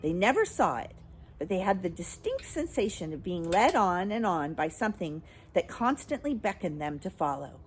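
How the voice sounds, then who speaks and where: A woman reading a children's book aloud, in an expressive storytelling way. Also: lowish voice, normal speed, a little hiss or hum. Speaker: storybook reader.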